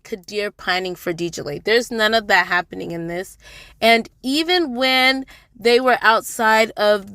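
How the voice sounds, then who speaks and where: A woman's voice: fairly high pitch, a bit bright, dry recording. A young woman giving a casual, chatty recap of a TV drama episode, with sassy asides to the characters. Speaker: TV drama reviewer.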